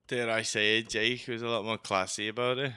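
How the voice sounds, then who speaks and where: A man's voice: on the low side, level tone, a little fast, bright, forceful tone, smooth, dry recording. A man streaming a game, rambling and joking in a chatty, sarcastic way. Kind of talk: rambling gameplay commentary.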